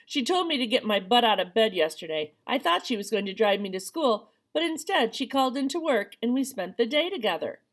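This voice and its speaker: A woman reading the lines of a gentle, teasing teenage boy in a storybook. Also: on the high side, sing-song, a little fast, few pauses.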